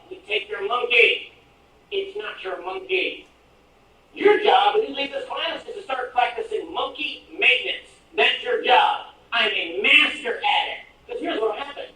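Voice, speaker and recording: A man teaching a real estate class, telling stories with energetic, emphatic delivery and loud exclamations. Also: extremely high pitch. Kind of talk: animated classroom lecture with stories. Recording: echoey video played in a room, from far off.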